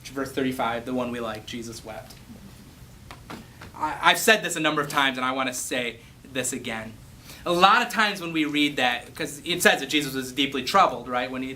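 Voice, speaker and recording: A man's voice: fairly high pitch, bright, forceful tone, slight background noise. A man preaching a casual sermon, reading scripture and joking before building to passionate emphasis. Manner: jokey asides, rising to passionate emphasis. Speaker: pastor.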